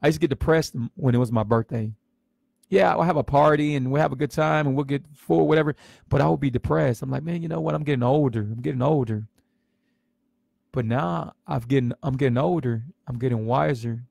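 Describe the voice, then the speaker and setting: A man's voice: mid-range voice, a little fast, gravelly, darkish tone, dry recording, studio quality. A man in his forties talking in a casual livestream, earnest and emotional, who repeats himself and stumbles over his words. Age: 40s. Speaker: vlogger sharing his health story on a livestream.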